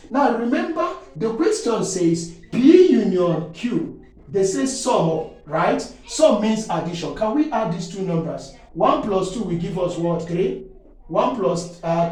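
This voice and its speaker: A man's voice: high voice, a little mellow. A man explaining an exam maths problem as a teacher. He trails off on questions like "what?" for the class to fill in and keeps checking that they are following. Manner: leaves questions hanging with "what?" for the class to answer, checks in repeatedly. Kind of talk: exam-prep lesson explanation. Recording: very echoey room, from far off the mic.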